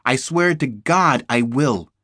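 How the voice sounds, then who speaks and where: A man's voice: mid-range voice, animated, slow, pushed and bright, no room sound, studio quality, pitched above the performer's own voice, exaggerated voice. A male narrator voicing a fearless female detective who speaks in a firm, insistent way.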